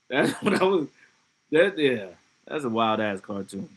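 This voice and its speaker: A man's voice: a little high, sing-song, measured pace, a bit bright. A man streaming live, chatting casually and reacting to chat comments in a loose, profane way with laughing asides. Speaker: livestreamer.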